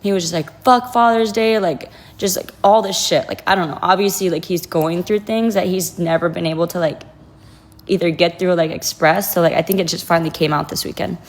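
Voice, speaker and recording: A woman's voice: lowish voice, steady tone, a little fast. A young woman tells a personal story in a loose, confessional way. Her speech is restless and emotional, packed with "like" and restarts. She sounds like a guest talking openly about something that shook her. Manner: heavy use of "like", emotional and restless. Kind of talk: casual confessional account.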